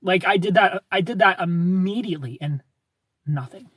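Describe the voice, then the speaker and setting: The voice is high and slightly rough, moving at a moderate pace with no room sound. It comes from a young man hosting a livestream, who chats casually over viewer comments, animated and rambling, with repeated phrases and laughter.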